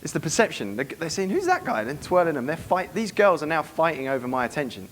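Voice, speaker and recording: A dating coach gives a live seminar to an audience, brash and profane, acting out bits of dialogue as he teaches. His voice is fairly high and a bit bright, with lively intonation and fast delivery. There's a little hiss or hum on the recording.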